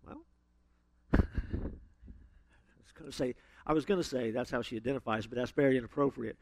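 A man preaching a sermon, telling stories with sudden loud emphasis and playful asides. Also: medium pitch, moderate pace, dry recording.

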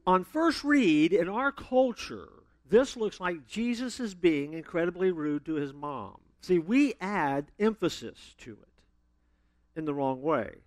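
A man preaching a sermon, telling stories with sudden loud emphasis and playful asides. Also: high-pitched, animated, slow pace, no echo.

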